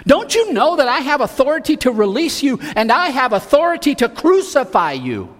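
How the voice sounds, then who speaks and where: A preacher acting out a frantic, domineering Roman governor. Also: male voice, extremely high pitch, sing-song, normal speed, big-room sound, voice pushed up. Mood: demanding. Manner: shouting and demanding.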